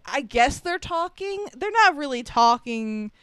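A woman co-hosting a casual movie recap, animated and swearing freely as she acts out characters' lines. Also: sits high, unhurried, no echo, rough recording. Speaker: podcast co-host.

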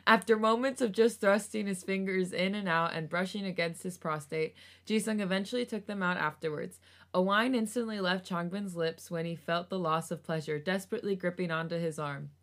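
A woman's voice: fairly low pitch, fairly quick. A woman co-hosting a podcast, reading fan fiction aloud with giggly asides and some stumbles. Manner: giggly, stumbling over words. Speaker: podcast co-host.

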